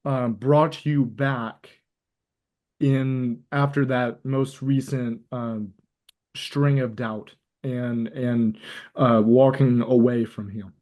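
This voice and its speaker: A man hosting a podcast who asks thoughtful, measured interview questions. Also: mid-range voice, darkish tone. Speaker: podcast host.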